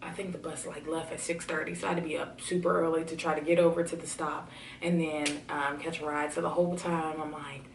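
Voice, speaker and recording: A young woman telling a personal story to her camera at home, chatty with many fillers and excitement. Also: low-pitched, fairly quick, slight background noise. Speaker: vlogger. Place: home room. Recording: roomy, slightly distant camera audio.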